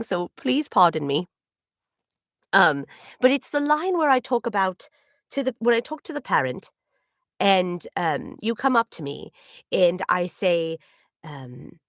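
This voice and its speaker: A woman's voice: mid-range voice, sing-song, measured pace, a bit bright, no room sound, clean studio sound. A woman voice actor chatting politely with viewers on a livestream while she draws, with slightly formal wording and little laughs. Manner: chatty, with frequent little laughs and throat clearing. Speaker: voice actor hosting a livestream signing. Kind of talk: casual livestream chat.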